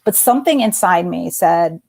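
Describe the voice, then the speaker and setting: As a guest, a woman in her forties who used to be an executive shares a personal story animatedly, with plenty of fillers and restarts. She speaks at a moderate pace in a lower voice with vocal fry.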